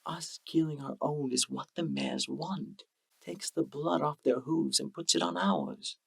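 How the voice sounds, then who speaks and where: A man doing a soft-voiced resigned male pony. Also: mid-range voice, animated, measured pace, gravelly, breathy edge, dry recording, full character voice. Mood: quiet. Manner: soft, quiet, firm. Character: gentle resigned male pony facing death.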